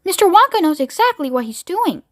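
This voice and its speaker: A calm, loyal old grandfather , read by a woman, reassures the others in a soothing tone. The voice is fairly high, with a dry, close sound. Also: fairly quick, dry recording. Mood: reassuring.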